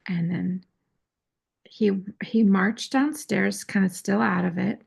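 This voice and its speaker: A woman's voice: medium pitch, fairly even intonation, slow pace, gravelly, darkish tone, breathy edge. A woman host telling a personal story in a casual, candid, self-critical way, often restarting her phrases. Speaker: astrology and tarot channel host. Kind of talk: casual confessional talk.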